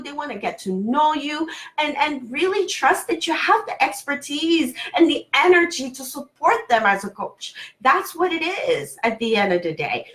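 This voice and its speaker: A woman speaking straight to camera as a motivational coach, earnest and encouraging. Her voice sits a little high and cracks now and then with nervous excitement. She talks in a candid, heartfelt way. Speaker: business coach.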